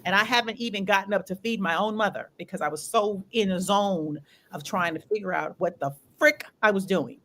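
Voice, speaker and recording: A woman hosting a casual talk show, telling a long story in an animated way, repeating phrases for emphasis and swearing freely. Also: mid-range voice, fairly quick, slight background noise. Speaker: show host.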